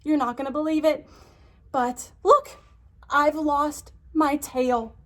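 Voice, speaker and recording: Churchill, an excitable little pig, voiced by a woman. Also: high-pitched, takes it slowly, voice pushed up. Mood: worried. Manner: breathless, gasping and wide-eyed. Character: young male pig who lost his tail, earnest and excitable.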